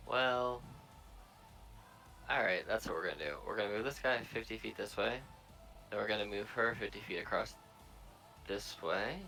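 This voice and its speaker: A man's voice: lowish voice, moderate pace, long pauses, sharp tone, soft background music, poor audio. A man playing a tabletop game, thinking aloud as he plans his moves. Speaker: player. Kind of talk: casual tabletop play.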